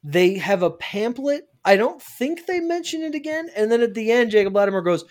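High-voiced, animated sarcastic man. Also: brisk, few pauses. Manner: animated, sarcastic, swears, acts out scenes in quoted voices. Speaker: podcast co-host. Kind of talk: casual movie review chat.

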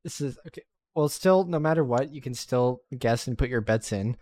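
A man's voice: mid-range voice, a little mellow, dry recording. Young man chatting, dry close sound. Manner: rambling, halting restarts. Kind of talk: casual chat among friends.

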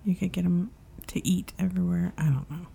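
A young woman chatting casually as a podcast co-host. Her voice sits a little low and has a gravelly fry. She is chatty and trails off while hunting for names. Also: fairly even intonation, a little fast, mellow. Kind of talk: casual chat.

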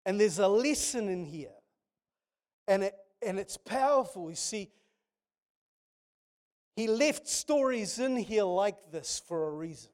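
A man's voice: sits high, expressive, takes it slowly, pauses often, a little mellow. A man preaching a sermon, telling stories with passion and frequent restarts. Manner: impassioned, storytelling with many restarts.

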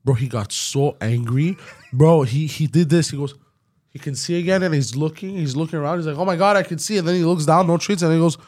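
A man's voice: a little high, brisk. A man co-hosting a podcast, telling stories animatedly while getting over a sore voice. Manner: animated storyteller, says bro. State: recovering from a sore voice. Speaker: podcast co-host. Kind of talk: casual chat.

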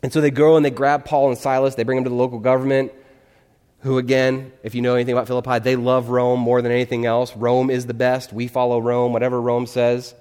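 A man's voice: medium pitch, flat delivery, quick pace, a little mellow, smooth. Man preaching in a reverberant church. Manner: conversational, checks in with listeners often. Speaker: pastor. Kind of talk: sermon. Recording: long hall reverb.

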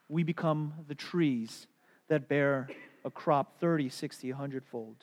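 A man's voice: high voice, a little mellow. A middle-aged man preaches a sermon as the pastor, his slightly raised voice ringing through a long, reverberant church hall. He tells stories with animation and slips into playful voices along the way. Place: church sanctuary.

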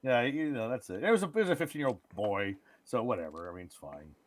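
A man co-hosting a podcast, chatting casually about bad movies and telling stories with lots of swearing and dark jokes. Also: medium pitch, quick pace, no room sound. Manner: animated storyteller, swears freely, dark jokes. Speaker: podcast co-host. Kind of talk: casual movie-review chat.

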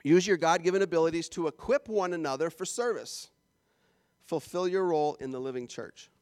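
Canadian pastor guy, high voice, jokey sermon, dry sound. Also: brisk, smooth, no echo. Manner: animated, jokey, playful asides.

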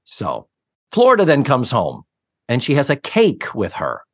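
A man co-hosting a podcast, casually recapping a sitcom episode in an animated, storytelling way with some casual swearing. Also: mid-range voice, measured pace, husky, no room sound, studio quality. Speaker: podcast co-host.

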